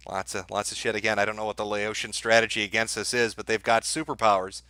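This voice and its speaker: A middle-aged man hosting a live stream, his voice bright and forceful. He talks to his chat in a crude, mocking, deadpan way. The sound is dry and close on a desk mic. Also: on the low side, quick pace, few pauses, clean tone, no room sound. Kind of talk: sardonic live-stream commentary.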